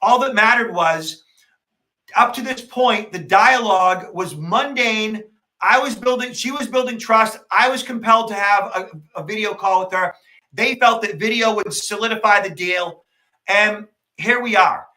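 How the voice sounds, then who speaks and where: A man co-hosting a podcast, telling a story in casual conversation, animated and emphatic. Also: high voice, unhurried. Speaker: podcast co-host, security expert.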